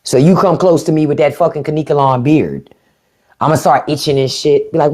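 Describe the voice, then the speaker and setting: Talking fairly quickly in a low, darkish voice, she addresses her viewers directly on a live stream, blunt and heavy on the profanity. She's a podcast host offering unfiltered commentary over a phone or webcam.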